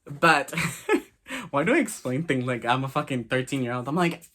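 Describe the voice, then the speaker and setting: A man's voice: medium pitch, big pitch swings, normal speed, sharp tone. A man in his late teens, telling a personal story in a candid, gossipy, profane way. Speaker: vlogger. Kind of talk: casual story time.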